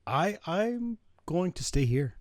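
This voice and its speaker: A man's voice: fairly high pitch, very animated, slow pace, a little mellow, no echo. Giggly, hesitant man on a podcast. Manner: hesitant, laughing, stammering restarts. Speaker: podcast co-host. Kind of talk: casual chat.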